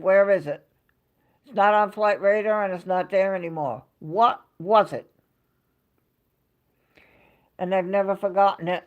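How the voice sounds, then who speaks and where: A woman's voice: mid-range voice, a little mellow. A woman hosting a casual livestream from home, telling a rambling story and talking to her chat. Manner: rambling, chatty storytelling, reading out chat names. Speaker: livestream host.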